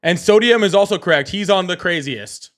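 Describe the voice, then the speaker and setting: A man's voice: sits high, lively intonation, brisk, fairly bright tone. A man with a Southern American accent hosting a casual live call-in stream, blunt and teasing, often laughing.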